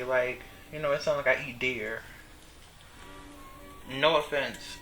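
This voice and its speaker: A man's voice: mid-range voice, slow pace, pauses often, bright, forceful tone, poor audio. A young man, chatting casually and rambling to himself while he works on a sewing project at home. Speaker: vlogger. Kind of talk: casual talk to camera. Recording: background music under voice.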